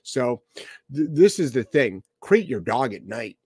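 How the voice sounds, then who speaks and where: Brief: male podcast host and dog trainer, blunt and forceful, cursing freely, mid-pitched, dry close sound. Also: sing-song, unhurried, slightly rough, dry recording. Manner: blunt, profane, emphatic.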